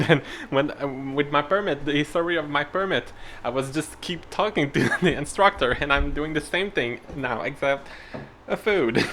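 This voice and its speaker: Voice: medium pitch, fairly bright tone. Rambling, swearing podcast host in a noisy kitchen. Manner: rambling, laughing and swearing while talking through each step. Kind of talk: casual chat while cooking. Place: home kitchen.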